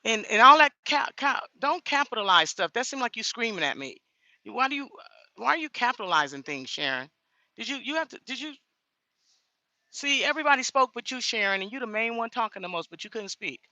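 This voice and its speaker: A woman's voice: on the high side, big pitch swings, a little fast, bright, forceful tone, no room sound. A woman talking straight to her viewers in a casual vlog, blunt and indignant. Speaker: vlogger.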